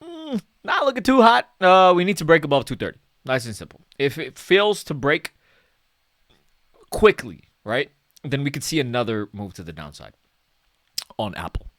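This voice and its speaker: A man's voice: mid-range voice, lively intonation, normal speed, pauses often, a bit bright, no echo, studio quality. A man talking casually through market charts as a stock analyst, chatty and self-mocking, often tagging "okay?" and "right?".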